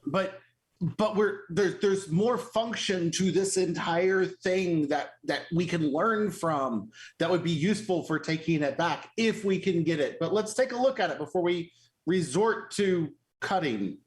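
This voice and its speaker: A man plays a tabletop game, describing his character's actions. His voice sits on the higher side. He sounds eager, and laughter keeps breaking into his lines. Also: a little slow. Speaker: player.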